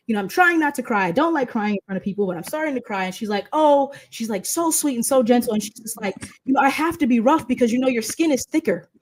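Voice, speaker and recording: A woman in her thirties hosts a relaxed panel talk. She speaks in a mid-range voice and keeps circling back with fillers, repeated words and restarts. The tone stays conversational throughout. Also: mid-range voice. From United States. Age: 30s. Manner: talkative, many fillers and restarts. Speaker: host and patient advocate.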